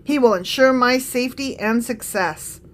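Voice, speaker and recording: High-voiced woman joking through scripture. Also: normal speed. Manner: chatty and joking, laughs often. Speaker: podcast co-host. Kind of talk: casual chat reading scripture.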